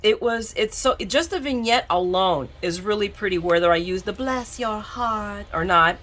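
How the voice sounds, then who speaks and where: Bright-toned chatty woman unboxing crafts. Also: medium pitch, fairly quick. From southern Florida. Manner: chatty, rambling, self-mocking, with frequent restarts. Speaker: craft vlogger. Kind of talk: casual unboxing chat.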